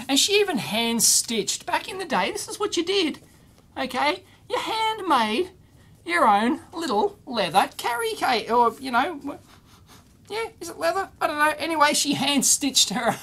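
A middle-aged man with a very high, slightly bright voice hosts an electronics video. He unboxes viewer mail while chatting casually, exclaiming, scoffing bluntly, and wandering off into rambling asides.

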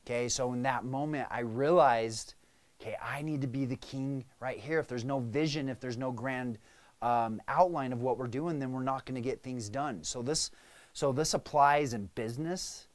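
A man's voice: medium pitch, moderate pace. A man coaching his viewers in casual talk to camera, often tagging his points with "right?" and "okay?". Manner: conversational, frequent "right?" and "okay?" check-ins. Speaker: business coach.

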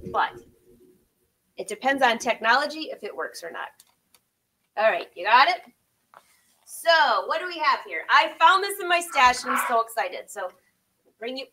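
A woman's voice: high-pitched, pushed and bright, rough recording. A middle-aged woman chatting casually with viewers from her sewing studio, rambling and laughing often. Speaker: sewing vlogger and pattern designer. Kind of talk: casual live chat with viewers.

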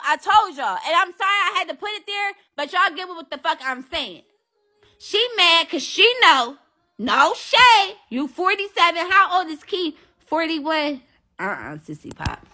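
Brash high-voiced woman livestreamer. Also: big pitch swings, a little slow, bright, forceful tone. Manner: brash, profane trash talk. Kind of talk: casual livestream chat with viewers.

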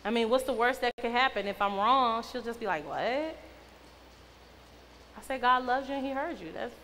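A woman's voice: fairly high pitch, moderate pace, a bit bright, a little hiss or hum. A woman in her thirties preaching to teenagers, telling a personal story in casual slang and building to an urgent exhortation. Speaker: youth minister. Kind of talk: sermon to teens. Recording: long hall reverb.

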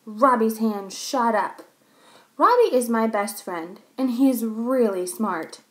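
A woman reads a children's story aloud and chats to young listeners between passages. Her pitch is fairly high and very lively. She reads at a slow, careful pace. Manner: chatty, pausing to explain to young listeners.

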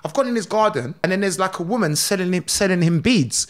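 A middle-aged man, a podcast guest telling stories in a lively, slangy way with laughs between lines. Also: sits high, quick pace. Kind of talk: animated storytelling.

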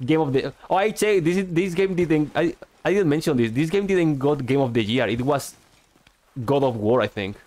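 Speaking English as a second language, a man streams a game with an animated, slightly mellow voice at a moderate pace. He rambles, restarts often, and pokes fun at himself over his push-to-talk gaming mic in casual chat, heard through low-quality stream audio with faint music.

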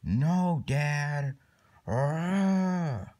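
A man's voice: on the high side, animated, a little slow, warm tone, voice pushed up. Chicky, a man doing a whiny little chick kid. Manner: whiny, pleading.

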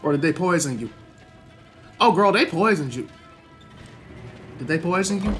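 A young man casually commenting on his own gameplay, chatty and excitable, swearing freely and reacting loudly to what happens on screen. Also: on the high side, unhurried, pauses often, faint music behind. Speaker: gaming channel host.

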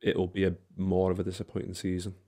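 A man's voice: deep voice, monotone, quick pace, warm tone. A man, rambling and swearing freely in casual football podcast chat. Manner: rambling, swears a lot, restarts often. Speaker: podcast host.

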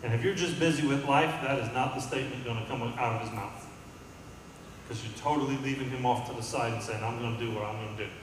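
A man's voice: mid-range voice, fairly even intonation, brisk, noisy background. A man preaching a sermon as pastor, calling out to the congregation and building to emphatic peaks. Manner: call-and-response, rising to emphatic peaks. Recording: echoey hall from far off.

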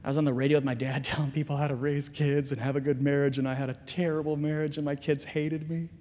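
A man giving a candid, self-mocking, animated storytelling talk at a school chapel. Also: fairly high pitch, fast talker. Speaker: chapel speaker. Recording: long reverb of a large chapel.

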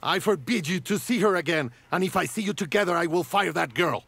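Gravelly, husky man dubbing a stern middle-aged boss; lively intonation. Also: high voice, a little fast, dry recording, exaggerated voice. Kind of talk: English dubbed film dialogue.

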